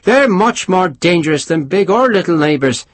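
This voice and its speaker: A man's voice: high-pitched, expressive, moderate pace, dry recording, pitched above the performer's own voice. A man doing a wry engineer captain. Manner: wry, explanatory. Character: witty, worldly Irish engineer captain, middle-aged. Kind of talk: audiobook character voice.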